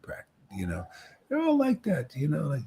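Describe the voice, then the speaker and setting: Male spiritual teacher, husky, lively swoops in pitch, rambling storyteller. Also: moderate pace. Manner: rambling, animated storytelling that mocks other devotees. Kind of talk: informal spiritual talk.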